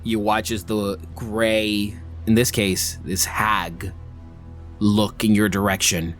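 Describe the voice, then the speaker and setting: Brief: slow, descriptive male game master with faint music behind. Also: lowish voice, level tone, a bit bright. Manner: descriptive, unhurried narration. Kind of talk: narrating a tabletop game.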